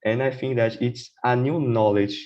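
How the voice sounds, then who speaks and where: A man's voice: medium pitch, fairly even intonation, moderate pace, a little mellow, highs cut off. A man speaking as a guest on a casual podcast about learning English. He talks hesitantly, often saying "for example" and "right?".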